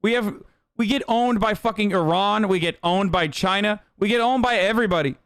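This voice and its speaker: A man's voice: high-pitched, fairly quick, a bit bright, clean tone, no room sound, clean studio sound. A man in his thirties streaming casual, profane political commentary, ranting heatedly and sarcastically at a desk microphone. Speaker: streamer reacting to news.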